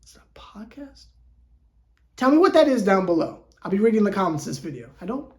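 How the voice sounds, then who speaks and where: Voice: medium pitch, big pitch swings, quick pace, a little mellow. A channel host giving a casual fan commentary rant to camera, joking and slangy, tripping into repeated words and restarts. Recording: roomy echo.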